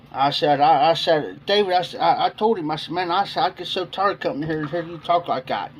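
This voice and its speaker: A man's voice: a little high, normal speed, a little hiss or hum. A man hosting a casual livestream, telling a long story to his chat and repeating "I said" as he goes. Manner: rambling, repeats "I said" while retelling. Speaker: livestream host.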